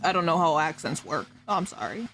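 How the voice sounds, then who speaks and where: A woman's voice: low voice, very animated, brisk, fairly bright tone, faint music behind. A woman streamer doing giggly, playful improvised role-play, stumbling over made-up fantasy names.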